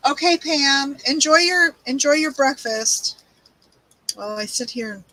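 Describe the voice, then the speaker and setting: On a craft livestream, an older woman unpacks and shows her supplies, chatting and rambling and greeting viewers by name. Her voice sits high with a sharp tone and lively intonation, at a measured pace. The recording is dry and low in quality.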